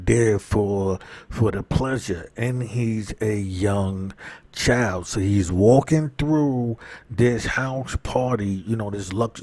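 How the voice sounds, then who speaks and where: A man's voice: fairly low pitch, a little mellow, no echo. A man giving a rambling, casual recap of a show, often asking "right?" and "you know". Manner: reads out characters' lines in his own voice. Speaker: show commentator.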